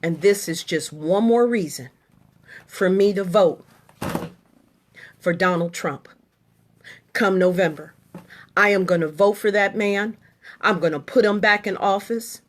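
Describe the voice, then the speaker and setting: A woman's voice: medium pitch, measured pace, pauses often, slight background noise. A middle-aged woman and military veteran delivering an indignant political monologue to the camera, with short, emphatic, repeated statements.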